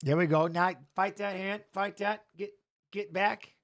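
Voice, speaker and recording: A middle-aged man hosting a live fight watch-along, excitable and shouting at the fighters while chatting with viewers. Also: sits high. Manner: excitable, talks fast over the action, shouts at fighters. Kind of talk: live fight commentary and chat.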